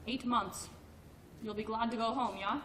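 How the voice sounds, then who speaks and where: Cast an older actress as a hard, cold grandmother, blunt and clipped, slightly high voice, roomy distant film sound. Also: steady tone, normal speed, a bit bright, slight background noise, natural voice. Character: stern, cold old grandmother who runs a store. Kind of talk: film drama acting.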